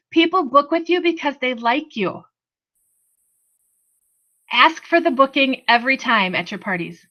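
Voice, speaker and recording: A woman's voice: high-pitched, sharp tone, lo-fi sound. A woman giving an upbeat, chatty motivational sales training talk, calling her audience "you guys".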